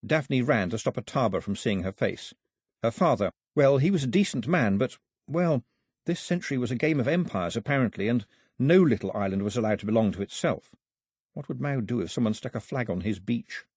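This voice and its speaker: A man narrating an audiobook in a measured storytelling manner. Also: mid-range voice, husky, no room sound, studio quality. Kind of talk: scripted narration.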